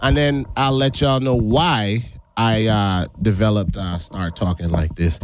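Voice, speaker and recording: A man's voice: lowish voice, steady tone, measured pace, background noise. A male radio host in casual chat who keeps slipping into a put-on West Indian accent and laughs often.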